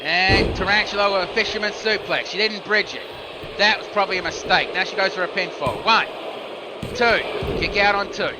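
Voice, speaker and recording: Against a noisy background, a man with a high voice calls a video game wrestling match on his own at a moderate pace. He narrates each move steadily and rises sharply on near falls and reversals.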